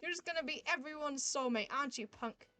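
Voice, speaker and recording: A woman's voice: high voice, brisk, sharp tone. A woman voicing a brash, competitive warrior woman who talks bluntly and teases. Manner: blunt, teasing, calls people punk.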